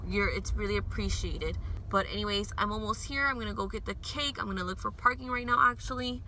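A woman's voice: mid-range voice, brisk, sharp tone, slight background noise, low-quality recording. A young woman vlogging casually from her car, talking emotionally and rambling, swinging between upbeat and frustrated. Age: young adult. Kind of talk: casual vlog while driving.

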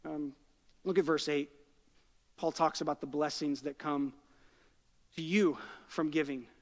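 High-voiced pastor preaching in a reverberant hall. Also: male voice, fairly even intonation, a little slow. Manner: conversational storytelling, asks "right?" and "okay?" often. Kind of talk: sermon. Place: church sanctuary.

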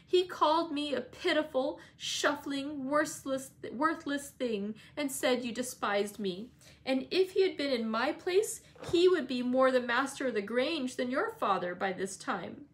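A woman's voice: high-pitched, measured pace, pitched above the performer's own voice. A whining, sickly teenage boy, as a woman reads him aloud, with a raised, thin voice. He pleads one moment and taunts spitefully the next, peevish throughout. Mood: pleading.

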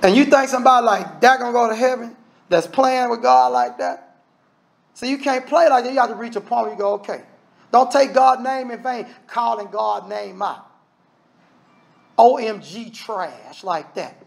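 Man, preacher, Southern US accent, high voice, gravelly, animated asides between scripture readings. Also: normal speed. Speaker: minister. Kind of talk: sermon.

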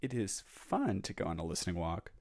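Low-voiced guy reading a kids book out loud, makes the sounds with his mouth, dry close sound. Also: very animated, a little fast, no room sound. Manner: plain storybook reading that acts out sound effects. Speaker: music teacher. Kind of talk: children's read-aloud and activity.

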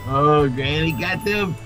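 A man's voice: a little high, slow pace, over music. A man casually playing a video game with a friend, laughing often and reading messages aloud. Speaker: gamer playing the granny. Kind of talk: casual gaming banter.

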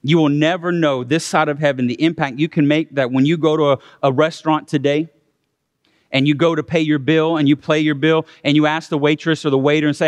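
High-voiced man preaching earnestly. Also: normal speed, no echo, in a large hall. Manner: earnest, heartfelt, conversational preaching. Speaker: guest pastor. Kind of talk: sermon. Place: church stage.

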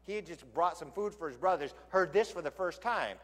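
Animated high-voiced male preacher. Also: brisk. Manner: animated, conversational storytelling. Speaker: pastor. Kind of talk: sermon. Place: church sanctuary. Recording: long church hall reverb.

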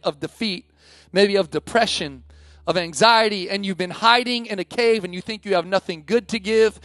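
A male pastor giving an energetic sermon to his congregation, his voice climbing until he is nearly yelling. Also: high voice, no echo. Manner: energetic preaching that rises to near-yelling. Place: church sanctuary with congregation.

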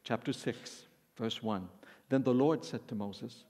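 A man's voice: mid-range voice, measured pace, darkish tone, a little hiss or hum. A man preaching a sermon, reading scripture aloud and then explaining it verse by verse. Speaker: Bible teacher preaching. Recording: long reverb of a large hall.

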